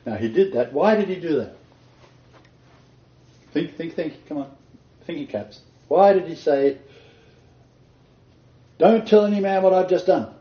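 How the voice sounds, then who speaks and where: A man's voice: on the high side, expressive, unhurried, long pauses. A man leading an interactive Bible study, quizzing his group and laughing often. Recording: roomy dull lo-fi recording.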